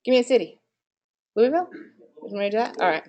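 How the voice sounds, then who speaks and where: A woman's voice: on the high side, expressive, racing, mellow, lo-fi sound, a little hiss or hum. A woman giving a live marketing workshop in a room with an audience, quizzing listeners and asking them for answers as she goes. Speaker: marketing presenter.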